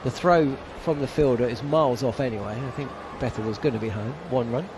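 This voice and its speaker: A man commentating live on a cricket match for radio, describing each ball with wry, chatty asides. His voice sits in an ordinary middle register. A steady wash of outdoor and traffic noise runs under the broadcast. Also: mid-range voice, brisk.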